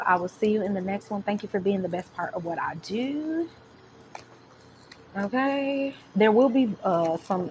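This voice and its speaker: A woman talks through a tarot reading in a loose, chatty way, playful and affirming as she goes. Her voice sits at an ordinary middle pitch. A faint hiss of noise runs under the recording. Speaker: tarot reader. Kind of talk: casual tarot reading to camera.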